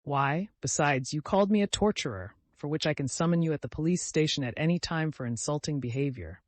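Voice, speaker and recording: Brief: narrator playing a proud lisping manservant, unbearably composed and slow, audiobook, dry sound. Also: male voice, a little high, dry recording, close to an everyday voice. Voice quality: slow, measured lisp. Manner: unnaturally composed, deliberate. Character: calm, proud male servant with a measured lisp.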